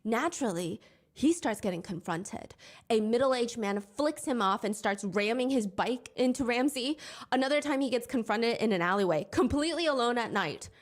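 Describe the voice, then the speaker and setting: A woman's voice: a little high, lively intonation, moderate pace. A woman narrating a storytime commentary in a conversational, wry way. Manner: reenacts quotes in a raised, mocking voice. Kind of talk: storytime commentary with quoted clips.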